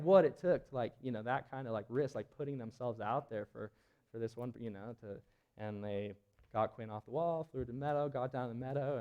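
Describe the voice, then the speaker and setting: A man's voice: medium pitch, darkish tone, smooth, dull audio. A man who is a search and rescue team member, telling a story during a live presentation in an auditorium in a casual, rambling way full of fillers and restarts. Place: auditorium at a public event.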